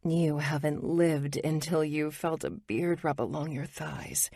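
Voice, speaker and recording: A woman's voice: low-pitched, very animated, normal speed, creaky, a little mellow, slightly rough, dry recording, clean studio sound, heavily acted. A woman voicing a tipsy, playful young woman who talks in a gossipy, suggestive way.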